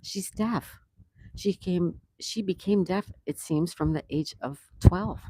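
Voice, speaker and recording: A woman's voice: on the low side, takes it slowly, breathy edge. A woman hosting a casual outdoor live stream, reading viewer comments aloud and chatting back to them. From USA. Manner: reads viewer comments aloud and chats warmly. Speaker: livestream host.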